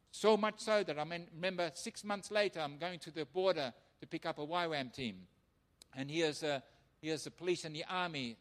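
A man preaching as a missionary pastor, telling his testimony as an animated storyteller who acts out the voices of others. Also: on the high side. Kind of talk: sermon testimony. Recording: long hall reverb.

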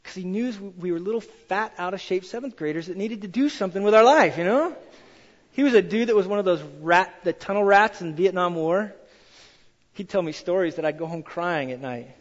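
A man preaching a sermon in a church hall, telling stories with animated, acted-out quotes. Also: high-pitched, brisk. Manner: animated storytelling, acts out quoted voices. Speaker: pastor. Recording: dull sound in a hall with long reverb.

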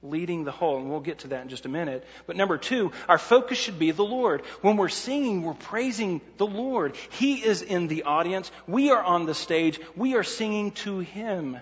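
A man's voice: high-pitched, expressive, moderate pace, hardly any pauses, in a large hall, lo-fi sound. A man preaching a sermon in an earnest way, laying out numbered points and often restarting his sentences.

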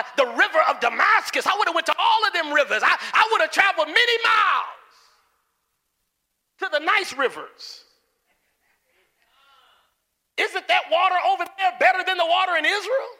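Man doing a proud commander scoffing, high and piercing, loud and bratty. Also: expressive, a little fast, in a large hall, full character voice. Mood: indignant scoffing. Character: proud angry army commander, grown man, indignant.

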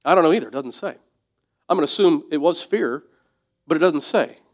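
A man preaching a sermon in a conversational, reflective way, dropping to soft asides. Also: on the high side, expressive, fairly quick. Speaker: pastor.

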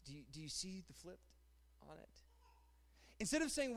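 A married man preaching a sermon as pastor, animated and rhetorical, often repeating phrases. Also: sits high, normal speed, long pauses. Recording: long hall reverb.

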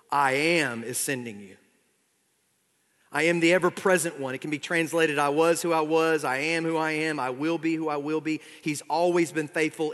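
Preaching man in a reverberant hall. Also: a little high. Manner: expository preaching, swings from quiet asides to emphatic exhortation. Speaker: pastor. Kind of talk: sermon.

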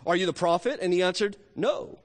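Man, pastor, high voice, emphatic sermon, rhetorical questions, long hall echo. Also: a little fast. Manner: emphatic, with rhetorical questions and swings from loud to quiet. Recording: long reverb of a large hall.

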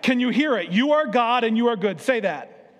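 A man's voice: very high voice, expressive, moderate pace, fairly bright tone. A male pastor preaching a sermon in a church, playfully drawing the congregation in with questions and jokes. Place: church sanctuary. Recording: reverberant church hall.

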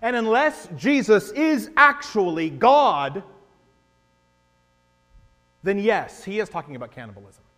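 A man preaches to his congregation in a church sanctuary, his voice sitting high for a man. He swings between loud, emphatic declarations and hushed, confiding asides. The sound carries the long reverb of a large hall, with a faint electrical hum underneath. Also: very animated, unhurried, pauses often. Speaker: pastor. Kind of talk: sermon.

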